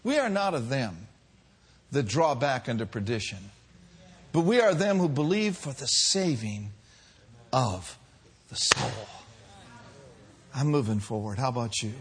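A man preaching a sermon as pastor, swinging from soft, drawn-out lines to loud, shouted calls. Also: mid-range voice, very animated.

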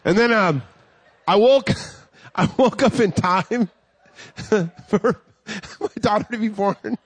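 A man in his forties preaching a sermon, telling a funny personal story with lively, high-pitched quoted voices. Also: slow pace, slightly rough, dry recording.

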